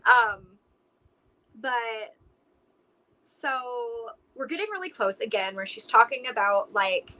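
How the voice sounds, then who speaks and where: A woman's voice: on the high side, slow, long pauses, pushed and bright, rough recording. A young adult woman, a podcast guest, telling her story in casual chat with lots of fillers. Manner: talks emotionally with many "like"s.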